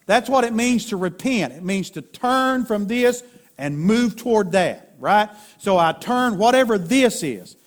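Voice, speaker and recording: A man's voice: high-pitched, expressive, measured pace. A man preaching a sermon in a folksy way, sketching stick figures and building to emphatic peaks. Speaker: pastor.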